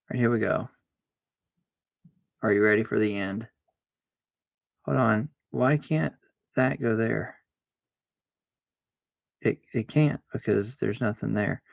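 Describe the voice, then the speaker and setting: A man talking slowly through a card game, his voice bright and gravelly, trading questions and answers with himself and breaking into loud excited cries. The sound is dull and lo-fi, close and dry. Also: fairly low pitch, no echo. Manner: argues with himself aloud, bursts of excited exclamations. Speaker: livestreamer playing solitaire. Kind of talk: casual self-talk while gaming.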